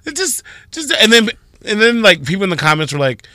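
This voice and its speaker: A man co-hosting a morning radio show, telling stories in an animated way and acting out other people's voices. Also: a little high, fast talker, no room sound, clean studio sound. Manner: animated storytelling, acts out quoted voices. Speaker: radio co-host. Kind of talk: casual morning radio chat.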